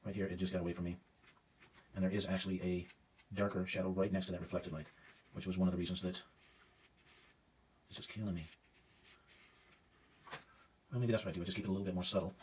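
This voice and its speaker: A man's voice: low-pitched, little pitch movement, fast talker, pauses often, darkish tone, distant mic, slight background noise. A man teaching a painting demonstration, thinking aloud as he works, casual and self-critical with hesitant fillers. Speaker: art teacher.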